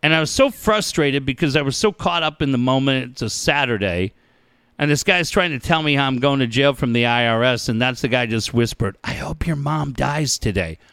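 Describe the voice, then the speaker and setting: A middle-aged man hosting a talk show, telling stories in a profane, animated way and acting out the people in them. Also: mid-range voice, a little fast, clear, resonant tone, no room sound. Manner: profane, animated storytelling with acted-out voices. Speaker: radio show host. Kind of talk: casual storytelling chat.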